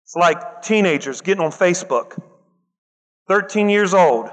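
A man preaching a lively sermon, acting out the people he quotes and breaking into loud bursts. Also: sits high, unhurried. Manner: animated, acts out quoted voices, loud bursts. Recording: long hall reverb.

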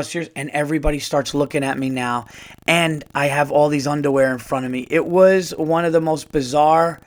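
A male comedian hosting a podcast, telling a rambling, self-deprecating story with stammers and restarts. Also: on the high side. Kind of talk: casual storytelling.

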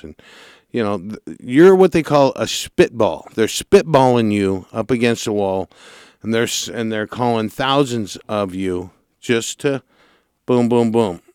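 A man hosting a radio show about mortgages, telling a client story in a lively, chatty way and acting out the calls. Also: fairly low pitch, clear, resonant tone, no echo, studio quality. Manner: animated storyteller, acts out callers' lines. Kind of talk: casual radio talk, storytelling.

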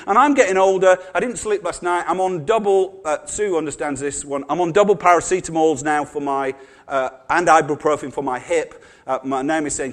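A man's voice: high-pitched, animated, a little fast. A middle-aged man preaching a sermon, chatty and humorous, with wry asides.

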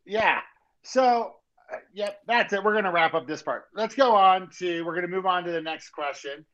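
Man, podcast host, rambling, loose phrasing, slightly high voice, dull muffled recording. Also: expressive, moderate pace, a bit bright. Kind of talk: casual podcast chat.

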